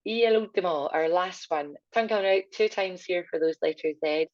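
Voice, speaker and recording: Woman, teacher, deep voice, encouraging, dry and dull recording. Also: darkish tone, no room sound. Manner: encouraging, slow and clear for learners to repeat. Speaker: language teacher. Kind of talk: video language lesson. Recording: dull, slightly lo-fi sound.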